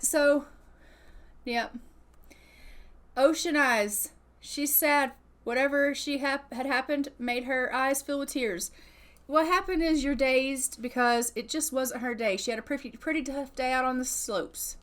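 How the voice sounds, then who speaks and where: Young woman narrating her sims game, chatty, swears a lot, kinda high voice. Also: a little slow, a bit bright. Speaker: gaming YouTuber narrating her Sims play. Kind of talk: casual gameplay commentary.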